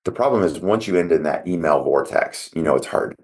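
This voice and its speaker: Very deep-voiced man hosting a podcast. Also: expressive, a little fast. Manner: conversational, self-coaching tone with asides. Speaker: podcast host. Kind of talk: solo podcast monologue.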